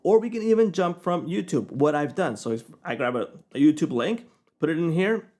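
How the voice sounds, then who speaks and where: A man giving a casual, chatty screen-recorded software tutorial, often checking in with the viewer. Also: a little high, animated, fairly quick. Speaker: software reviewer.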